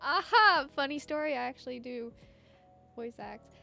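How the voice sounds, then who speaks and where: A woman's voice: high voice, animated, moderate pace, creaky, pushed and bright, faint music behind. A young woman streaming a game live, bubbly and giggly, easily flustered. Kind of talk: live game playthrough, reading lines aloud.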